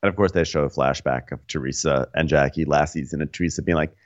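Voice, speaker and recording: A man's voice: rumbling low, fast, dull audio. A man co-hosting a comedy podcast, recapping a reality show with wry sarcasm. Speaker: podcast co-host.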